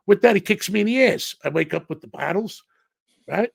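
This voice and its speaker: Middle-aged guy with a super gravelly, raspy voice, animated storytelling, dry close sound. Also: high voice, brisk, no echo. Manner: animated storyteller, acts out quoted dialogue. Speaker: guest. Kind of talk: storytelling in a podcast interview.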